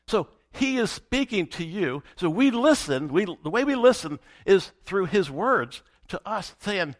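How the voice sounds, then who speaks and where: A man's voice: sits high, very animated, unhurried, few pauses. A man preaching a sermon as pastor, emphatic and repeating his key phrases for weight.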